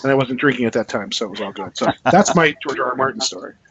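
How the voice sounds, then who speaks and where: A man, a guest author, telling an animated anecdote in casual podcast chat, acting out the people in his story. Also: mid-range voice, fast, breathy edge, no room sound. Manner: animated storyteller, acts out quotes. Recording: muffled lo-fi podcast audio.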